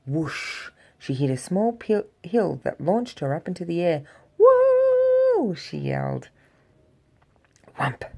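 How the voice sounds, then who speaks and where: A woman reading a children's storybook aloud to a child, with lively, expressive delivery and spoken sound effects. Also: low-pitched, slow pace, creaky, breathy edge.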